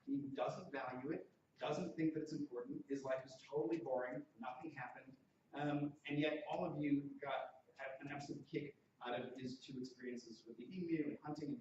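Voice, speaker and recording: A man's voice: mid-range voice, steady tone, moderate pace, noisy background. A man giving a keynote speech, telling anecdotes and acting out the voices of people in them. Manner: anecdotal, acts out quoted voices. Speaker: keynote speaker and poet. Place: large conference hall. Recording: echoey hall, distant and dull.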